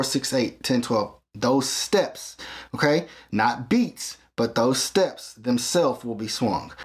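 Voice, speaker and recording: Patient man teaching a synth walkthrough. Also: mid-range voice. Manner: patient, explains step by step, often checks with "okay?". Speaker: synth tutorial host. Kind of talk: hands-on equipment tutorial.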